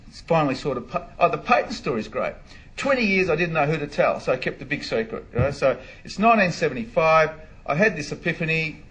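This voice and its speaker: A man, a barrister and inventor, telling an animated story in an interview, acting out the dialogue and laughing often. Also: fairly high pitch, quick pace, rough recording.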